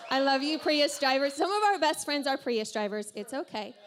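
A woman pastor preaching to a congregation, telling a personal story in an animated, self-deprecating way and laughing often. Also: high-pitched, slight background noise. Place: church service before a congregation.

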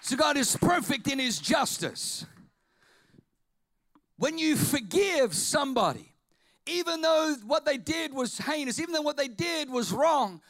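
A man preaching a fervent sermon as pastor, swinging between shouted declarations and quiet asides. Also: very high voice, sing-song, measured pace, gravelly.

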